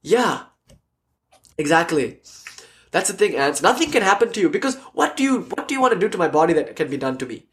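Animated man giving a spiritual talk. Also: high-pitched, brisk. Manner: animated, storytelling, drops to soft near-whispers. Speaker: spiritual teacher. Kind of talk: spiritual lecture.

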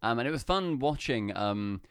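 A man's voice: medium pitch, moderate pace, clean tone, dry recording, clean studio sound. A man co-hosting a podcast, chatting casually and jokingly, laughing often. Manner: jokey, animated, laughs often. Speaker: podcast co-host. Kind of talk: casual chat.

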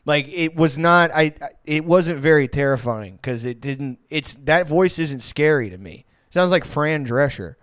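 A man's voice: on the high side, animated, normal speed, few pauses, fairly bright tone, dry recording, clean studio sound. A man from Louisiana co-hosting a crude comedy podcast, rambling and swearing as he laughs through the talk. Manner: rambling, profane, laughs often. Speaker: podcast co-host.

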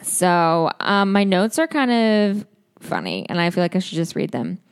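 A woman's voice: fairly low pitch, big pitch swings, normal speed, smooth, dry recording, studio quality. A young woman co-hosting a podcast, chatting casually and acting out quotes, saying "like" a lot. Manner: chatty, heavy use of "like", acts out quotes. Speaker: podcast co-host. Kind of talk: casual chat recapping a reality show. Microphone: podcast mic.

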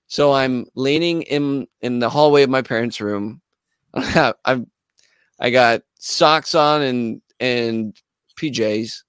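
A young adult man, a musician guest, telling a story in a lively, casual way and laughing as he goes. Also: medium pitch, a little slow, clear, resonant tone, no room sound. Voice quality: animated, laughs while telling.

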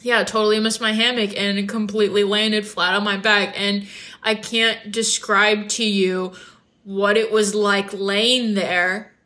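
A woman's voice: mid-range voice, a bit bright. A young woman hosting a podcast, telling a story in a chatty way with lots of filler words. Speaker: podcast host. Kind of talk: casual storytelling.

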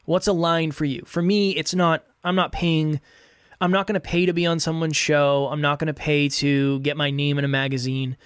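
A man with a slightly raised voice talks straight into a close microphone with no room sound at all. He coaches his listeners earnestly, circling back over the same points in a steady motivational monologue. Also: fairly high pitch, moderate pace, clean tone, dry recording. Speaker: podcast host and coach. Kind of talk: solo podcast advice monologue.

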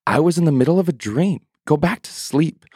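Guy putting on a sleepy old priest voice, grumbly, pitched up a bit, dry studio sound. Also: lively intonation, fairly quick, a little mellow, slightly rough, dry recording. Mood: groggy. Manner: groggy, grumbling when woken. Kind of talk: storybook reading.

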